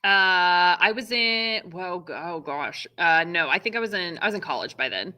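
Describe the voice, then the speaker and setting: This woman in her thirties, a Texas theater director, chats casually as an interview guest, peppering her talk with fillers and laughter. Her voice sits on the low side, animated and sharp in tone, at a moderate pace.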